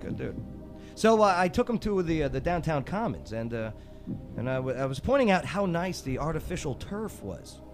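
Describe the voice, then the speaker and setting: A man's voice: fairly high pitch, sing-song, normal speed, soft background music. A man hosting a radio show, playfully setting up pun riddles for his co-hosts. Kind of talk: joking trivia banter.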